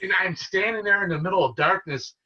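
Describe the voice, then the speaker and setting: A man, a paranormal investigator, telling his story as a podcast guest in an earnest, excitable way. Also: high-pitched, brisk, vocal fry, slightly rough, recorded from a distance, lo-fi sound. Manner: earnest, excitable storyteller who relives events. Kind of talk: casual storytelling interview.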